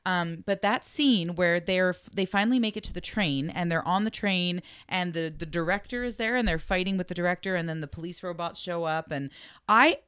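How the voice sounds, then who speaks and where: A woman's voice: fairly low pitch, a little fast, a bit bright, clear, resonant tone, no echo, studio quality. A young woman co-hosting a casual movie review chat, gushing with lots of restarts. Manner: effusive, gushing, many restarts. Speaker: podcast co-host.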